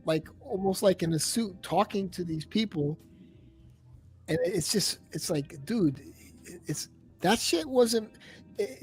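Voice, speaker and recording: A man hosting a livestream in casual chat, rambling and swearing as he tells stories. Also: high voice. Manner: profane, rambling, animated storytelling. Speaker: livestream host.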